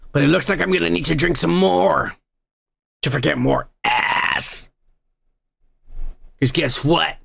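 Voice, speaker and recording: A man's voice: fairly high pitch, steady tone, slow, creaky, long pauses, fairly bright tone, husky. A man hosting a comedy podcast, ranting and swearing constantly in a crude, rambling way. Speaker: podcast host. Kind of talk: crude drunken comedy rant.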